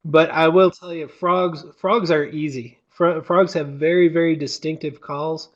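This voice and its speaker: Higher-voiced male host, lo-fi. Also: steady tone. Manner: chatty, prompting questions, halting restarts. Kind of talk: casual educational discussion.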